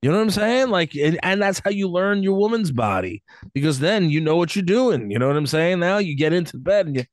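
A man from the US East Coast chatting on a podcast, joking and animated. His pitch swings widely and sits a little high for a man. The sound is close and dry. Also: a little fast, no room sound. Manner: animated, joking, lots of fillers and laughter. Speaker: podcast co-host. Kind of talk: casual chat.

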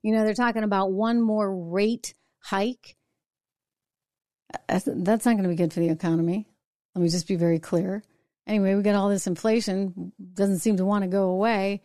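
A woman's voice: mid-range voice, fairly even intonation, moderate pace, dark tone, no room sound, studio quality. A woman hosting her own show, delivering an emphatic political commentary monologue full of rhetorical asides. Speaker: show host.

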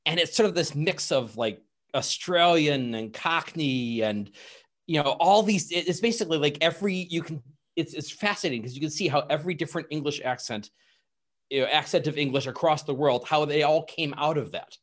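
A man's voice: on the high side, brisk. Man explaining with eager enthusiasm. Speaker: podcast guest. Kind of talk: casual podcast chat.

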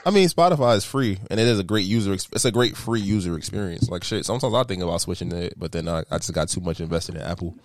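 Laid-back low-voiced podcast guy. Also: expressive, quick pace, hardly any pauses, no room sound. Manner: laid-back, laughs easily, dry teasing. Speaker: podcast co-host. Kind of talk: casual podcast chat.

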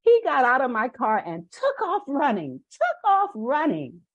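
A woman's voice: sits high, huge pitch swings, a little slow, muffled recording. An older woman, a parenting guest on a podcast interview, who speaks in an earnest, emphatic storytelling manner.

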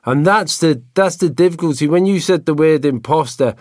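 A man's voice: fairly high pitch, moderate pace, a little mellow, no echo, studio quality. A man co-hosting a casual conversation, reflective and thinking aloud, often repeating words as he goes.

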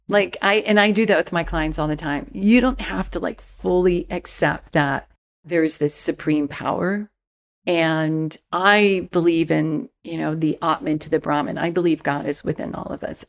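Calm woman guest talking spirituality on a podcast, lowish voice, laughs easy. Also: gravelly. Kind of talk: casual interview chat.

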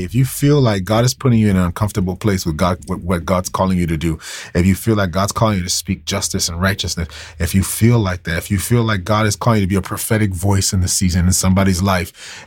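A man with a lowish, slightly husky voice preaches to a live online audience. He talks casually and with emphasis, repeating key phrases and calling out to "y'all." The sound is close and dry, with no room echo. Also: darkish tone. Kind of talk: livestreamed devotional sermon.

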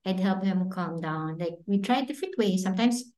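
A woman's voice: lowish voice, fairly quick, warm tone. A woman, a children's book author telling stories in a casual interview, chatty and full of fillers. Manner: chatty, anecdotal, with frequent fillers and laughs. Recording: echoey room.

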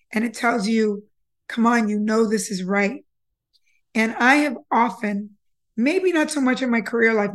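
A middle-aged woman hosting a podcast, telling a personal story in an earnest way, often repeating words as she gathers her thoughts. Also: on the high side. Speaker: podcast host.

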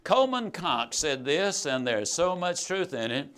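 A man with a slightly higher voice gives a motivational sales talk. He tells his stories in a folksy, emphatic way, rising loud and dropping soft. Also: sing-song, measured pace, clean tone. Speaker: sales trainer and motivational speaker.

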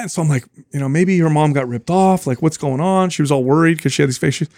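Animated storytelling man, dry sound. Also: a little high, fast, hardly any pauses, dry recording. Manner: animated, acts out quoted voices. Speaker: podcast host, trainer. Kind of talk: casual storytelling.

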